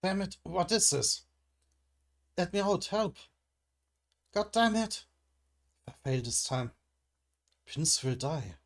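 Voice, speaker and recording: A man's voice: medium pitch, a little slow, long pauses, fairly bright tone, slightly rough. A man reading out a panicking young male hostage trapped and cursing, in a raised, frantic voice. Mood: panicked.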